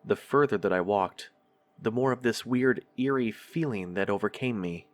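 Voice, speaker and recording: A man hosting a horror podcast, reading a first-person scary story in a measured, drawn-out storytelling delivery. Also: on the low side.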